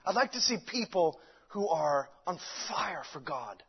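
A man's voice: a little high, sing-song, unhurried, slightly rough. A man preaching a sermon with fervent delivery, stumbling over restarts and many fillers. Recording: dull lo-fi recording.

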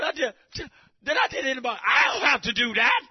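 A man giving a preaching testimony in church, emphatic and repetitive, breaking into shouts. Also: very high-pitched, sing-song, moderate pace, breathy edge. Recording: dull lo-fi recording.

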